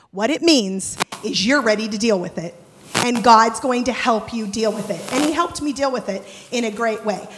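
A woman giving a sermon at a church service, telling personal stories with humor and imitating sounds. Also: sits high. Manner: animated, humorous, mimics sounds. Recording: long reverb of a large hall.

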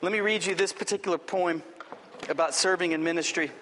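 Male pastor, earnest exhorting sermon, high voice, reverberant church sanctuary. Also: a little fast, fairly bright tone, slight background noise. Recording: long hall reverb.

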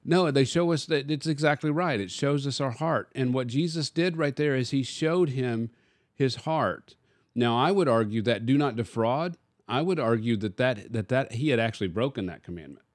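A man's voice: medium pitch, normal speed, dry recording, clean studio sound. A man, a pastor, teaching casually in a discussion and posing rhetorical questions to his listener.

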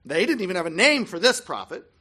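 A Bible teacher giving scripted narration on a gospel passage, measured with emphatic pauses. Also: mid-range voice, sing-song, bright, forceful tone, breathy edge.

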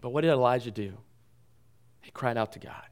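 Man, pastor, sermon, earnest preaching, middle pitch, soft low appeals. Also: brisk, clear, resonant tone.

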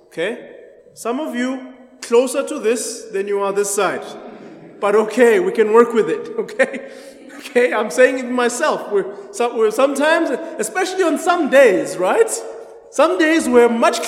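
A man leading an interactive Bible study, chatty, laughing often and quizzing the group. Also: very high voice. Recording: echoey hall.

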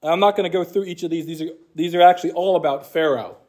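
A man's voice: fairly high pitch, fast, darkish tone. A man teaching an apologetics class, explaining scripture in a conversational way and reading passages aloud.

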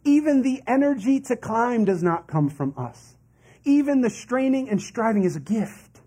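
A man's voice: very high voice, big pitch swings, moderate pace, dark tone. A man preaching a sermon as a pastor in a conversational way, with asides and laughs.

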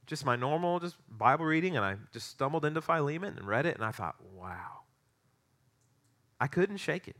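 A middle-aged man preaching a sermon, telling a story with animated, excitable energy. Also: a little high, fast talker, hardly any pauses. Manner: storytelling, animated, rising to excited peaks in anecdotes. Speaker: pastor.

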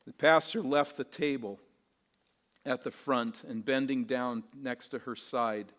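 A man preaching a sermon as pastor, earnest and rhetorical, repeating phrases and swinging between soft, quiet lines and emphatic ones. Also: medium pitch, steady tone, measured pace. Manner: rhetorical questions and repetition.

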